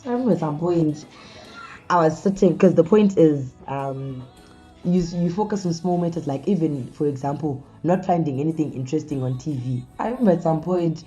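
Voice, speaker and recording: A woman's voice: low voice, a little fast, dark tone, slightly rough, dull audio, soft background music. A woman hosting a casual talk show, speaking conversationally and often calling her listeners "guys". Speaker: host.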